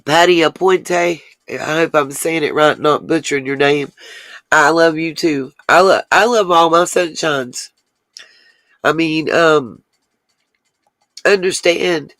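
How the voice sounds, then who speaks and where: A woman whose voice sits low and fairly bright hosts a casual livestream in a dry recording. Chatting right to her viewers, she responds to comments as they come in and lingers on long asides.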